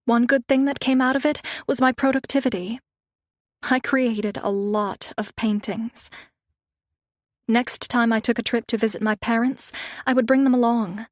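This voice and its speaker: A woman reading a first-person romance audiobook in a measured, wistful way. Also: on the high side, dry recording, clean studio sound. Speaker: audiobook narrator.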